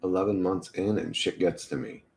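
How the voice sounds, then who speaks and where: A man's voice: low-pitched, steady tone, moderate pace, vocal fry, darkish tone. A man streaming casual chat with viewers, talking in a crude, profane way and laughing often.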